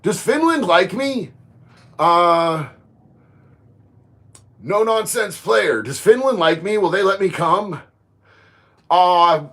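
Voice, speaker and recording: A man, chatting casually on a livestream, reading viewer comments and getting loud and emphatic on his opinions. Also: high voice. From Florida. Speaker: livestream host.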